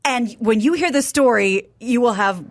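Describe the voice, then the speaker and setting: A woman's voice: fairly high pitch, normal speed, no room sound, clean studio sound. A woman from the American Midwest reading and discussing news on a podcast in a conversational, thoughtful way. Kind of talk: casual news chat.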